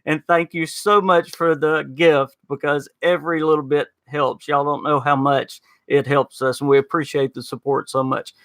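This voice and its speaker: Southern male podcast host, folksy and chatty, bright tone, dry close sound. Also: fairly high pitch, little pitch movement, normal speed, hardly any pauses, no echo. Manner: chatty, folksy, frequent "uh" and "y'all". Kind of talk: casual podcast chat reading live chat.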